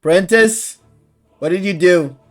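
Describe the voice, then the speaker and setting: A man hosting a livestream in casual chat, rambling and excitable, quick to laugh. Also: sits high, faint music behind. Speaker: streamer host.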